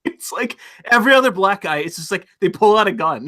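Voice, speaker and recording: A man hosting a casual stream chat, talking animatedly and swearing often. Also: fairly quick. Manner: animated, profane, mimics people in high voices. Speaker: streamer host.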